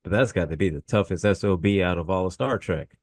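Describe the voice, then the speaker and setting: A man co-hosting a casual podcast chat, rambling and halting as he talks. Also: sits low, no echo. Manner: rambling, halting, with many fillers. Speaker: podcast co-host.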